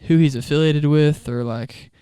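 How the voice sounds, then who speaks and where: Chatty man with a smooth, dry voice. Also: a little high, normal speed, mellow, no room sound. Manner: chatty storyteller, laughs often mid-sentence. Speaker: youth ministry leader. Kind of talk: casual podcast chat.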